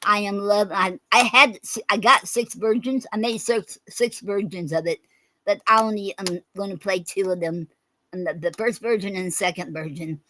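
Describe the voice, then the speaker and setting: A woman hosting a poetry show, reading her own poems aloud and talking between them with many pauses and fillers. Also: medium pitch, a bit bright, dry recording, rough recording. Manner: halting, many okays and ums between readings.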